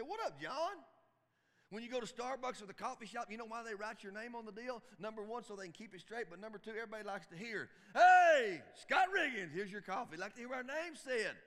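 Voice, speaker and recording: Man, folksy emphatic sermon, high voice, long church reverb. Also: bright, forceful tone. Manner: folksy Southern preacher, emphatic, repeats phrases. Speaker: pastor. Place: church sanctuary.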